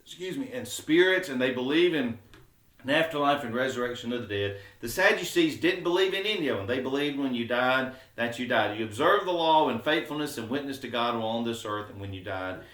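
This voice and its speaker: A man's voice: mid-range voice, animated, a little fast, a bit bright. A man teaching a conversational Bible study, explaining informally with fillers and acting out quotes with sarcasm. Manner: acts out quoted speech with sarcasm. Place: church classroom. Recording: roomy echo.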